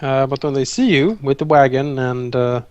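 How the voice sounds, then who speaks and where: A man's voice: mid-range voice, moderate pace, darkish tone, smooth, dry recording, muffled recording. A man narrating as game master of a tabletop game, hesitant, with many fillers. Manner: hesitant, many fillers, acts NPC lines in quotes.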